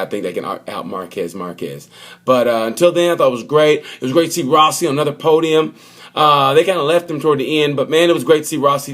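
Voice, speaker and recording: A man giving a casual, joking race review, rambling and acting out little quotes as he goes. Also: mid-range voice. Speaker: motorsport vlogger.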